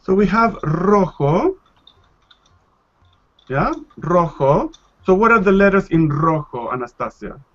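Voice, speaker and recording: Male language teacher, slightly high voice, unhurried, lo-fi call audio. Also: big pitch swings. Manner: patient, slow, repeats and models pronunciation. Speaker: Spanish teacher. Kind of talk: live online language class. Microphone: video call.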